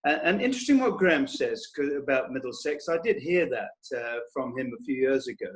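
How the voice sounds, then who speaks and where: A man's voice: medium pitch, animated, fairly quick. A man, a former cricketer chatting casually on a panel and telling anecdotes, often slipping into quoted voices. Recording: roomy echo.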